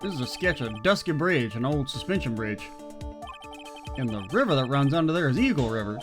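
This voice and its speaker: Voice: mid-range voice, big pitch swings, a little fast, music in the background, lightly acted. A player doing a stammering nervous detective. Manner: stammering, hesitant. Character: bumbling lovestruck male detective, nervous.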